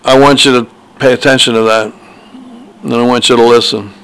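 An older man with a gravelly, crackling voice at an ordinary middle pitch, rambling through personal stories. He meanders and restarts often, filling pauses with ums and uhs as he talks. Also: fairly even intonation, fairly bright tone. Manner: meandering, hesitant, with many fillers and restarts. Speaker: author. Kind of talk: rambling personal storytelling monologue.

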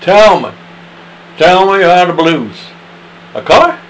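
Naive curious questioner, put on by a man; raised pitch, slow delivery. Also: expressive, a bit bright, a little hiss or hum, full character voice, rough recording.

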